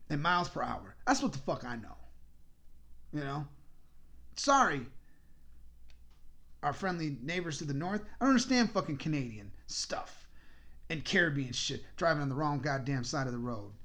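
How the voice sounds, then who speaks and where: A man spins a casual podcast story in a foul-mouthed, exasperated rant. His pitch swings widely as he goes, rising and dropping through each sentence. His delivery stays loose and conversational. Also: a bit bright. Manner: profane, exasperated ranting. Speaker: podcast host.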